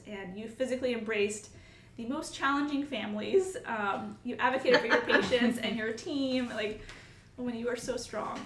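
An earnest woman who hosts a nurses' podcast speaks with feeling in a slightly high voice. She sits back from the microphone in a roomy space, with a faint hum of ambience behind her. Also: fairly bright tone, recorded from a distance. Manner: earnest, emotional, acts out quoted coworkers. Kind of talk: heartfelt podcast conversation.

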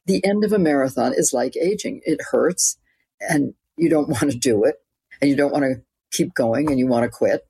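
A woman's voice: extremely low pitch, moderate pace, warm tone, husky, dry recording. A woman in her eighties, an actress and author, chatting reflectively as an interview guest with light laughs mid-sentence. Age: 80s. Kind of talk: casual interview chat.

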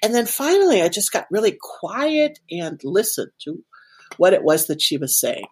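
A woman's voice: lowish voice, sing-song, normal speed, slightly rough. A woman guest in an interview, telling a personal story animatedly with many fillers. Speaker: guest, organization president.

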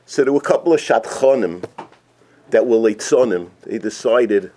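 Animated storytelling rabbi. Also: male voice, fairly low pitch, moderate pace, a little hiss or hum. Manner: animated storyteller, acts out characters, sprinkles Yiddish and Hebrew terms. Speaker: rabbi teaching a weekly Torah portion. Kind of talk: storytelling sermon.

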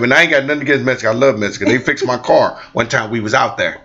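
A man's voice: quick pace, hardly any pauses, highs cut off. A man from the Midwest, a father telling family stories in casual chat and acting out the voices he quotes. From American Midwest. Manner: animated, acts out quoted voices with big pitch jumps. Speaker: father and co-host.

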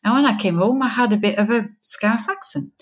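A woman's voice: a little high, fairly quick, slightly rough. A woman from southwest France, a teacher with a French accent whose first language is French, telling stories in a podcast interview. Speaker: teacher, guest.

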